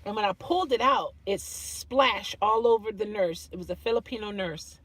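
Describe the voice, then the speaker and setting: A woman's voice: mid-range voice, normal speed, fairly bright tone, husky, dry recording. A woman vlogger telling a personal story to camera in an earnest way, often repeating phrases and restarting her sentences.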